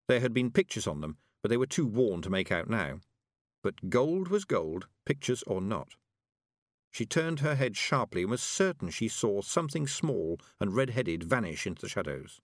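A man reading a storybook aloud with expressive narration. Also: on the low side, no echo, studio quality. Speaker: audiobook narrator. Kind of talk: scripted narration.

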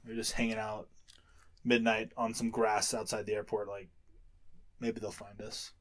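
Flat low-voiced male podcast host. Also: moderate pace. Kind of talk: casual chat.

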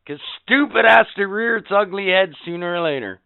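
A podcast host in his fifties delivers a profane ranting monologue, foul-mouthed, sarcastic and exasperated. His voice sits high and brisk, gravelly yet clear and resonant. There's no echo, but the audio is narrow and tinny.

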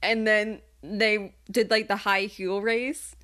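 A woman's voice: mid-range voice, level tone, slow, pushed and bright. A woman in her twenties co-hosting a podcast in casual chat, laughing and teasing her friend. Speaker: podcast co-host.

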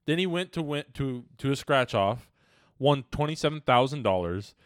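A man's voice: medium pitch, lively intonation, moderate pace, smooth, no room sound, studio quality. A man co-hosting a casual podcast, telling stories in a loose, joking way and swearing often. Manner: loose, profane, jokey storytelling. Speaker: podcast co-host. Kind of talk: casual chat.

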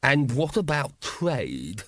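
A man's voice: medium pitch, wildly swooping pitch, takes it slowly, a bit bright, no room sound, clean studio sound, full character voice. A man voicing a worried, practical merchant who asks fretful questions.

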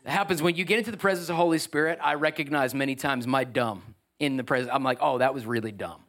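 A middle-aged man, preaching a sermon as pastor in an animated, joking way with asides to the congregation. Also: a little high, quick pace.

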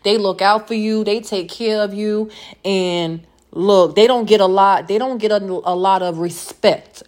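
A woman talking straight to her audience in a relaxed storytime vlog. She is chatty and emphatic, and keeps circling back to the same phrases for stress. Her voice sits at an ordinary middle pitch. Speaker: vlogger telling a work story. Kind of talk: casual storytime monologue.

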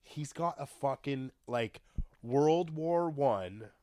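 A man's voice: medium pitch, expressive, slow, a little mellow, clean tone, no echo. A young man co-hosting a podcast in casual chat, joking and swearing as he rambles. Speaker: podcast co-host.

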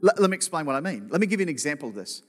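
High-voiced male pastor preaching. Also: big pitch swings, racing. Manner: conversational, repeats words when restarting, joking asides. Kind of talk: sermon. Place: church auditorium. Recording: long reverb of a church hall.

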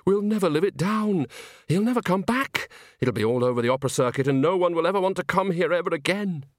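A man's voice: mid-range voice, lively intonation, fairly quick, no room sound, clean studio sound, close to an everyday voice. A male narrator voicing a fretful middle-aged opera house owner who talks in an anxious, whiny way.

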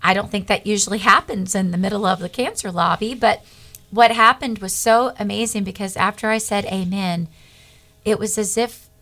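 A middle-aged woman speaks as a guest on a Christian talk show. Her voice is bright and forward, with the earnest, animated delivery of someone reliving a personal testimony. She acts out the dialogue of each person in the story. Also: medium pitch, normal speed.

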